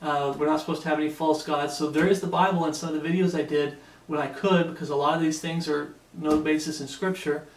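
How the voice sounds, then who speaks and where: A man's voice: a little high, fairly even intonation, quick pace. A man giving an emphatic sermon-style Bible teaching, often checking in with "okay?". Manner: emphatic, repeatedly asking "Okay?". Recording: echoey room, mic set far off.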